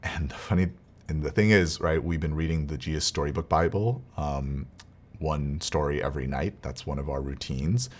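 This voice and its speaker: A man's voice: rumbling low, moderate pace. A man telling a personal family story in a casual, rambling, earnest way. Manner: rambling, earnest, with restarts and quiet laughs. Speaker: vlogger, father.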